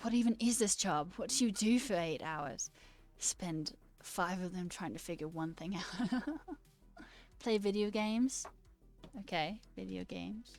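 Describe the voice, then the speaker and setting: A woman's voice: mid-range voice, darkish tone, clear, resonant tone. A woman streaming casually, reading her chat aloud and chatting back, laughing often. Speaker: livestreamer and new software engineer.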